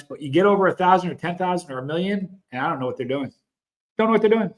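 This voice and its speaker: A middle-aged man hosting a hot sauce live stream, chatting casually with viewers and telling long, rambling stories full of asides. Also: fairly high pitch. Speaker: hot sauce show host.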